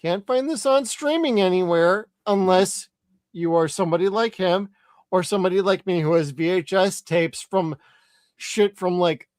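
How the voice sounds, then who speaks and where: A man's voice: high-pitched, moderate pace, darkish tone, clean tone, no room sound. A man hosting a live podcast, chatting loosely and swearing freely. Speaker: podcast host. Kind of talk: casual live podcast chat.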